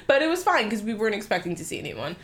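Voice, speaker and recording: A young adult woman co-hosting a podcast, telling a funny story in an animated, profane way with lots of asides. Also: medium pitch, racing. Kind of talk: comedic storytelling.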